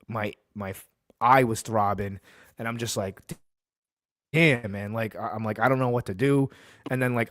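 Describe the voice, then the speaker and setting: A man's voice: fairly low pitch, no echo, clean studio sound. Fired-up man hosting sports talk. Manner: heated ranting, then relaxed storytelling. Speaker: podcast host. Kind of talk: casual sports talk and storytelling.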